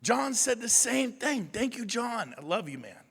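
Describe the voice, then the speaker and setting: Male conference speaker, shouting and emphatic, bright tense tone, lively swings. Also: very high-pitched, unhurried, creaky, breathy edge, big-room sound. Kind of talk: motivational speech. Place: large conference room.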